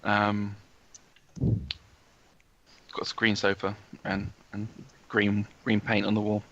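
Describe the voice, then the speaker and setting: Slow, halting game master. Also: male voice, lowish voice, monotone, fairly bright tone. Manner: halting, many fillers and restarts. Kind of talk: narrating a tabletop game. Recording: dull, lo-fi.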